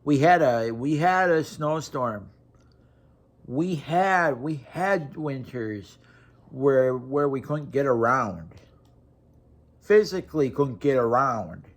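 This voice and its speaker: A man's voice: mid-range voice, animated, takes it slowly. Blunt, profane young man ranting casually. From Wisconsin. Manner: blunt, profane, repetitive restarts. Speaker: vlogger. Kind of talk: casual rant to camera.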